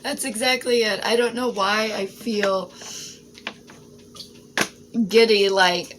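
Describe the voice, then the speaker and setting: A woman talking through a tarot reading at a slow, unhurried pace, rambling from thought to thought and checking in with "right?" She sounds like an everyday speaker with a mid-range voice. Clear background noise hums under her recording. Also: medium pitch, steady tone. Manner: rambling, frequent "right?" and "um" asides. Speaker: tarot reader. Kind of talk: casual spiritual reading monologue. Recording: noisy home recording.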